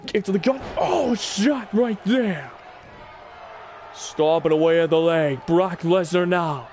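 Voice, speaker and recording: A man doing excitable play-by-play commentary on a wrestling video game, often breaking into shouted exclamations. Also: high-pitched, slow, some chatter behind. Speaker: gaming channel host.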